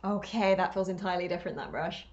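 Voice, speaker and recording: A woman's voice: fairly low pitch, quick pace, muffled recording. Chatty woman painting on a live stream. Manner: rambling, self-talking, laughs often, self-deprecating.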